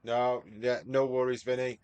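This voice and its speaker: A man's voice: mid-range voice, little pitch movement, normal speed, darkish tone, smooth. A man with a Mancunian accent, commentating his live sim-racing stream and chatting with viewers by name. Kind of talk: live gameplay commentary and chat.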